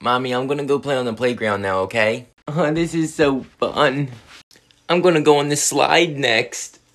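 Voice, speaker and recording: In a comedy sketch, a man with a medium-pitched, slightly bright, natural voice plays a spoiled girl pop star. Speaking at a moderate pace, he whines, makes demands, and erupts into shrieking tantrums, sounding thoroughly bratty.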